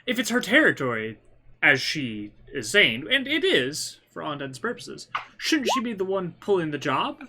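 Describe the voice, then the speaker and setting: A player in a tabletop game arguing a point in character, lively and assertive. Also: mid-range voice, moderate pace, very noisy. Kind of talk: tabletop role-play, in character.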